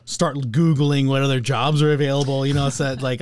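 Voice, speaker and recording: A man's voice: mid-range voice, level tone, fairly quick, clean tone. A man co-hosting a casual talk about emotions, rambling with fillers and restarts, sometimes acting out coworkers. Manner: acts out coworkers in little skits. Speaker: podcast co-host.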